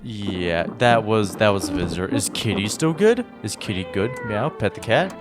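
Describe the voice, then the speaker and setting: Low-voiced guy joking through a horror game, music under him. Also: animated, normal speed. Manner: jokey, thinks aloud. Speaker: gameplay streamer. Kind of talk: casual gameplay commentary.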